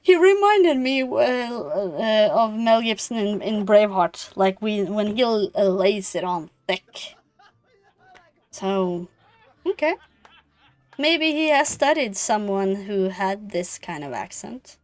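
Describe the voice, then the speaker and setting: Slow-talking woman streamer. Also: mid-range voice, expressive, darkish tone. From Norway. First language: Norwegian. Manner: chatty, amused, thinks aloud with fillers. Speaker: game streamer. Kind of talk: casual stream commentary.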